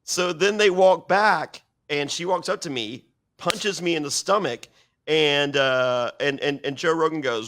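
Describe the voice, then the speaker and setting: A man's voice: fairly high pitch, measured pace, fairly bright tone. A man telling a story as an interview guest, swearing often and restarting his sentences. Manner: profane, rambling with many restarts.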